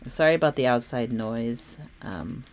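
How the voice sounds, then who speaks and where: A woman's voice: extremely low pitch, expressive, measured pace. A woman giving an earnest, emphatic spiritual tarot reading, repeating phrases for weight. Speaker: tarot reader.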